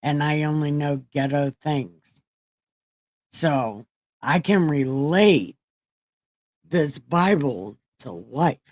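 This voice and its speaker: A woman's voice: deep voice, lively intonation, slow pace, long pauses, a little mellow, no echo. A woman hosting a casual livestream, reading scripture in a rambling, profane, self-mocking way. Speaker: livestream host.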